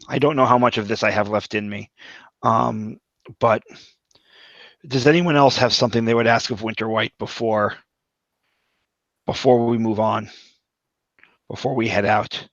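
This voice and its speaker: A man playing a tabletop role-playing game, talking in halting bursts with many restarts. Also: lowish voice, fairly even intonation, a bit bright, no room sound, highs cut off. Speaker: player.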